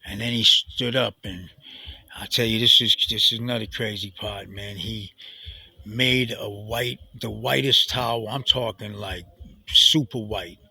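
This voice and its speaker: A middle-aged man tells his own story in a confessional way. His voice is tense and bright-edged, with a raspy grain and a low, gravelly texture. He speaks haltingly, with many restarts and fillers, and sometimes drops to a hushed near-whisper. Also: steady tone, no echo, poor audio. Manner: sinks to a hushed near-whisper at heavy moments.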